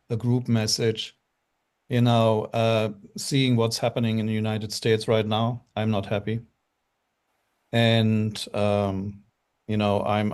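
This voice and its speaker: A man's voice: fairly low pitch, darkish tone. German-accented man telling his story. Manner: earnest, rambling with many fillers. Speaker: guest. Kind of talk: casual storytelling on a live show.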